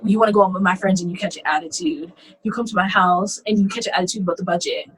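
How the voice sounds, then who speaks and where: A woman's voice: on the low side, steady tone, fast talker, a bit bright, a little hiss or hum, low-quality recording. A young woman co-hosting a casual reality-TV recap chat, blunt and opinionated, acting out what others said. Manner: blunt, opinionated, acts out other people's lines. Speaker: podcast co-host.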